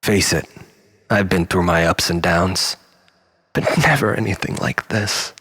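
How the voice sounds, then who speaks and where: A man's voice: low voice, steady tone, unhurried, fairly bright tone, breathy edge. A man delivering a dramatic first-person monologue in a brooding, weary, confessional way.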